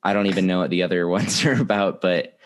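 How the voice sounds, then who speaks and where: A man's voice: sits low, steady tone, fast talker. A young man co-hosting a podcast, chatting casually and laughing often. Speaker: podcast co-host. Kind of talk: casual chat.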